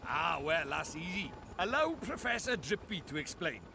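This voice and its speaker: A man's voice: fairly high pitch, big pitch swings, moderate pace, creaky, noisy background. An actor playing a cheeky, chatty male fairy sidekick, cocky and sarcastic.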